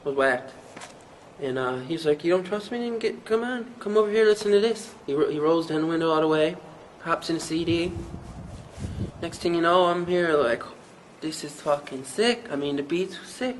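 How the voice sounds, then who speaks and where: An actor with a Newfoundland accent playing a young small-town rapper who rambles through a hazy, profane story in an interview. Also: male voice, a little high, lively intonation, normal speed, a little hiss or hum, natural voice, low-quality recording. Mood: rambling. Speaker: mockumentary interviewee.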